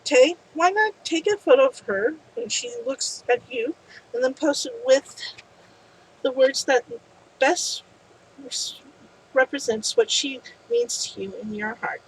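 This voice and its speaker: A woman voicing a gentle, reassuring guide who gives advice. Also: sits high, animated, unhurried, husky, full character voice, poor audio. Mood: kindly. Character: calm helpful advice-giver guiding others.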